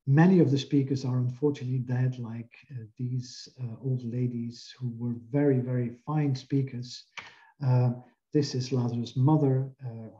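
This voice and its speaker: The man lecturing on linguistics has a steady, dark, mid-range voice and moves through his slides at normal speed, explaining as he goes. High frequencies are missing from the audio.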